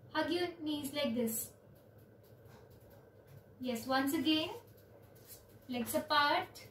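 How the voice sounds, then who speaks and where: A woman, teaching children yoga on a video call with slow, clear instructions and counting. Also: sits high, a bit bright, a little hiss or hum. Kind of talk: online yoga class for children. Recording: roomy, distant from the mic.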